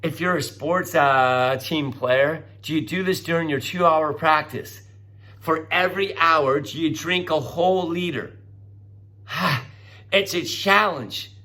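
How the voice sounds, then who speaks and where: Male teacher, middle-aged, lively classroom lecturer, high bright voice with big swings. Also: takes it slowly. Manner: animated, coaxing, acts out voices.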